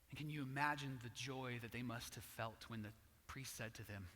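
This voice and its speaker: A man's voice: medium pitch, moderate pace, sharp tone, big-room sound, a little hiss or hum. A man preaching a sermon as pastor, telling a story and acting out its voices.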